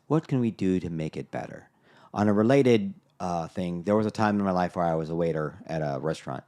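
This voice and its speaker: Male podcast co-host, lowish voice, reflective storyteller, casual. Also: a little mellow. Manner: storytelling, reflective, many fillers. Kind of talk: casual chat.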